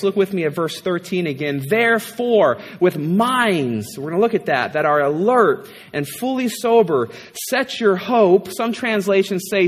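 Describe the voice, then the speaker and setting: High-voiced preacher in a reverberant hall. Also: male voice, moderate pace, hardly any pauses. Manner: conversational, animated, frequent rhetorical "right?". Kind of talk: sermon.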